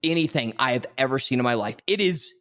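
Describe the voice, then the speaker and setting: A man co-hosting a podcast, excitable and stumbling over his words in casual chat. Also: mid-range voice, fast. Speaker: podcast co-host.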